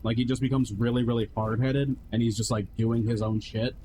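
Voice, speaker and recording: A man's voice: medium pitch, fairly even intonation, fairly quick, mellow, a little hiss or hum, poor audio. Rambling, profane man telling a story. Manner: rambling, profane, lots of fillers and quoted voices. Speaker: streamer. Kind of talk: casual storytelling.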